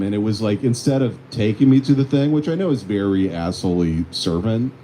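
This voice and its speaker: Male co-host, animated storyteller, soft dark tone, casual banter. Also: fairly low pitch, fairly quick, a little hiss or hum. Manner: animated storytelling, acts out quoted voices. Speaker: podcast co-host. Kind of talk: casual comedic chat.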